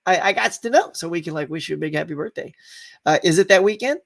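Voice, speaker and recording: A man with a high voice hosts a laid-back live stream show, laughing often, reading viewer comments aloud, and greeting each viewer by name in a friendly, upbeat manner. He talks quickly, with audible vocal fry.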